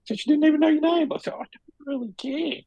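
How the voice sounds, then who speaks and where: A man's voice: extremely high pitch, steady tone, fast, vocal fry, dark tone, dry recording, highs cut off. A middle-aged man, co-hosting a podcast and telling stories in a casual, rambling way full of restarts. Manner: chatty, storytelling with lots of restarts. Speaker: podcast co-host. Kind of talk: casual chat.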